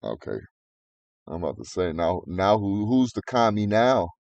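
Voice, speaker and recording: Deep, mellow man in crude banter. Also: big pitch swings, normal speed, vocal fry, highs cut off. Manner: crude, joking, puts on silly voices. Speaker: podcast co-host. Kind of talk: casual profane banter.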